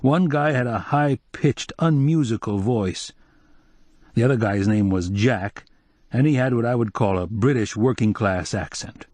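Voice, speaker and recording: A man's voice: mid-range voice, a little slow, darkish tone, no echo, close to an everyday voice. A man voicing a wry, curious newspaper reporter in an audiobook, in a dry recording.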